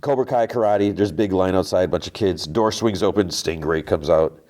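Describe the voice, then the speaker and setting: A man with a very low voice talks through a TV episode in a loose, conversational recap. He rambles along and keeps quoting the characters with "he's like" and "she's like" as he goes. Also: brisk, a little mellow. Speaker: podcast host.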